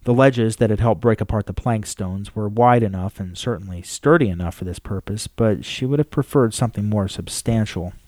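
A man reading a novel aloud in a steady storytelling manner. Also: lowish voice, normal speed, hardly any pauses, dry recording. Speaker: audiobook narrator. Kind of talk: scripted narration.

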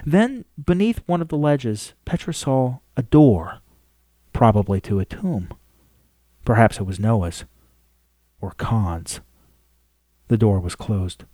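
A man reading a novel aloud in a steady storytelling manner. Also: on the low side, slow, pauses often, no room sound. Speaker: audiobook narrator. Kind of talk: scripted narration.

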